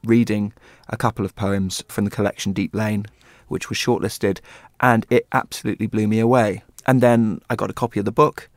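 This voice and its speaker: A man's voice: on the low side, steady tone, a little fast, hardly any pauses, no echo. A man chatting as a guest, telling an enthusiastic story about a book. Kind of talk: casual chat.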